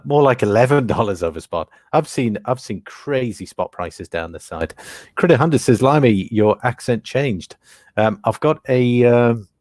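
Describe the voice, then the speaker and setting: British male livestream host, lowish voice, dry close sound, easygoing and full of fillers. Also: dry recording. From Britain. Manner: relaxed, thinks aloud with many fillers, reads out viewer comments. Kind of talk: casual livestream commentary.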